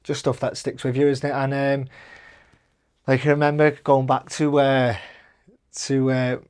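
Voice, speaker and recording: A young English man appears as a guest on a casual podcast; he's a professional boxer. His medium-pitched voice is flat, measured, slightly mellow and clean, and he rambles through stories with lots of fillers and restarts, acting out quoted voices and laughing often.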